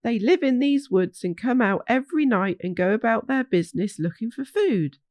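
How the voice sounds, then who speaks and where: A woman voicing a kindly old male hog who keeps watch over the woods, with rustic folksy speech and a gentle, soothing manner. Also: fairly high pitch, animated, moderate pace, no echo, clean studio sound, lightly acted.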